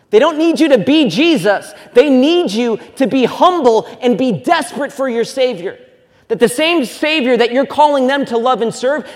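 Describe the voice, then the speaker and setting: A man in his thirties preaches in a church sanctuary with a fairly high voice. He swings from loud, emphatic lines to hushed, personal storytelling. A long reverb from the big hall trails behind his words. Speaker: pastor. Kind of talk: sermon.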